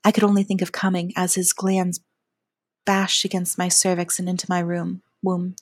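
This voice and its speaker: A woman narrating a first-person adult audio story in a soft, often half-whispered delivery. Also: lowish voice, completely flat delivery, moderate pace, no echo, clean studio sound.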